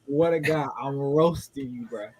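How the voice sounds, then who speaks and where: A man's voice: medium pitch, normal speed, a crowd in the background. A man co-hosting a podcast, telling stories and roasting his friend in loose slangy banter. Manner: animated storytelling, roasting, slangy. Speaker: podcast co-host.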